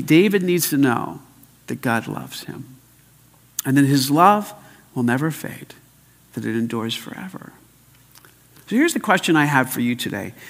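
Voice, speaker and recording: An older man preaching a sermon as pastor, emphatic, swinging between loud and hushed. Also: mid-range voice. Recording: long hall reverb.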